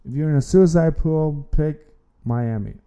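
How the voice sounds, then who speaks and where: A man's voice: a little high, a little slow, mellow, clear, resonant tone. A man hosting an amateur sports podcast, talking casually and rambling, often repeating words and restarting his sentences. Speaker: podcast host.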